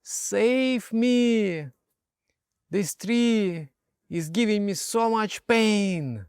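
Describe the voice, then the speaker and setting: A man's voice: sits high, extremely slow, clean tone, dry recording, clean studio sound, pitched above the performer's own voice, full character voice. Man acting out a panicked master crying for help. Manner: shouting in mock distress. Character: panicked male spiritual master stuck to a tree.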